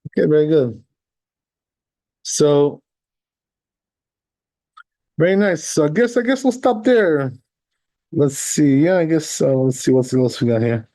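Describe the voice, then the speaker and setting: A man teaching a religious text class in a casual, talky way. His voice is mellow and dark, never sharp. He reads a line of text, then explains it, and keeps asking "right?" along the way. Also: medium pitch. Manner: explains step by step, often checking with "right?"; reads Hebrew and Aramaic text, then translates. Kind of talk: conversational Torah class.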